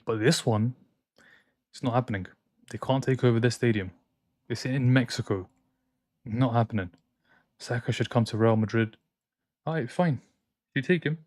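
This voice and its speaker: A man's voice: medium pitch, moderate pace, pauses often, a little mellow, no echo. Young male streamer, opinionated and chatty, answers chat as he goes, dry close mic. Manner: reads out and answers viewer chat, opinionated banter. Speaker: football watchalong streamer. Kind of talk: casual live-stream chat. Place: home streaming room in France.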